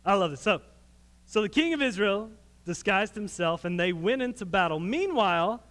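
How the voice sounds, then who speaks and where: A male preacher who tells a story in an animated, folksy style. His voice runs fairly high and moves lively up and down, with long reverb filling a church hall. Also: moderate pace. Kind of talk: sermon.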